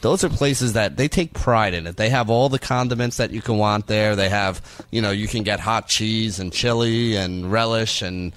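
A man's voice: lowish voice, moderate pace, hardly any pauses, fairly bright tone, slight background noise. A man from the northeastern United States co-hosting a sports radio show, chatting loosely and filling his talk with "you know" and "like". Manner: rambling, lots of "you know" and "like". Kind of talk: casual radio banter.

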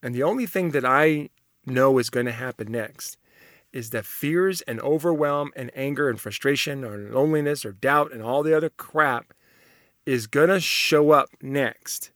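A man's voice: mid-range voice, normal speed, fairly bright tone, no room sound, clean studio sound. A man talking casually and enthusiastically, reading out personality test results and reacting with frequent laughter. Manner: enthusiastic, rambling, laughs often.

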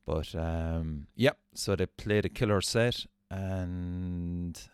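A low-voiced man hosting a podcast, spinning a long, self-mocking story and swearing freely. He sounds close and dry, with no room around him. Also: takes it slowly, clean tone, dry recording. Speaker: podcast host. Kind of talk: casual storytelling.

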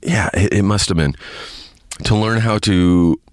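A man's voice: fairly low pitch, measured pace, no room sound, studio quality. A man hosting a podcast, reading a listener email aloud and rambling chattily with lots of self-corrections. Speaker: podcast host. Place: parked car.

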